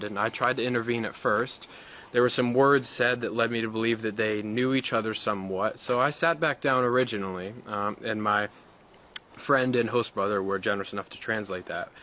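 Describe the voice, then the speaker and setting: A young American man giving an earnest, measured account of an attack he witnessed. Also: fairly low pitch, bright, forceful tone, a little hiss or hum. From United States. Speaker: interviewee describing an attack. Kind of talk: recounted eyewitness account.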